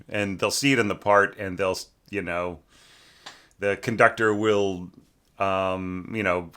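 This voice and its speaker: A man with a lowish voice but a bright, forceful tone talks through a student's orchestral score. He is relaxed and chatty, with plenty of ums, small laughs and throat clearing. Now and then he sings a rhythm aloud to show a point. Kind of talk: casual spoken lesson.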